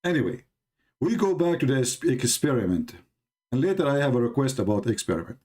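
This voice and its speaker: A man with an Arabic accent comments sarcastically on a video during a live stream. He fires off mocking rhetorical questions in broken English, at an average pitch for a man. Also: very animated, brisk, darkish tone. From Middle East. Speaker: host of a religious debate live stream.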